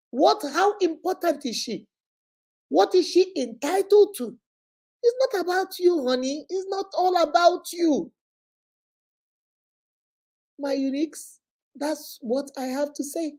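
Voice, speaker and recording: A vlogger with a Nigerian accent gives impassioned, scolding, preachy commentary, driving points home with repeated rhetorical questions. Her extremely high voice is mellow, with lively intonation, a slow pace, and long pauses.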